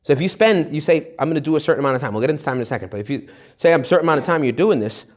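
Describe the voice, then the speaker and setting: A man's voice: fairly high pitch, rapid-fire. A man giving a humorous retreat talk to young adults, joking and acting out little quoted voices. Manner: jokey, animated, acts out little quoted voices. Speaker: retreat speaker.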